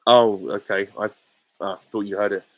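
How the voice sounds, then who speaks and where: A man answers viewer questions in a casual livestream chat, rambling with many fillers and restarts. His voice is fairly low and steady, at normal speed, in a low-quality recording.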